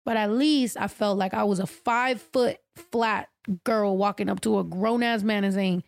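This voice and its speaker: Woman podcast host, swears a lot, animated storytelling, middle pitch, dry close sound. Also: moderate pace, vocal fry, dry recording. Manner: profane, blunt, animated storyteller. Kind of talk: casual storytelling chat.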